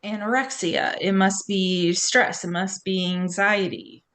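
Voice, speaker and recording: A woman's voice: mid-range voice, fairly even intonation, measured pace, fairly bright tone. A woman in her forties, a therapist, talking frankly and bluntly in a candid podcast conversation, swearing now and then. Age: 40s.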